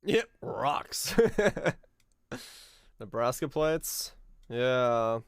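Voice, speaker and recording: A male streamer chats loosely while puzzling over where he is, thinking out loud and swearing now and then. His voice is smooth and resonant at a middle pitch. The sound is dry and close, with no room around it. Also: very slow, dry recording. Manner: laid-back, musing aloud, laughing often, swearing. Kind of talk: casual live-stream chat while playing a geography game.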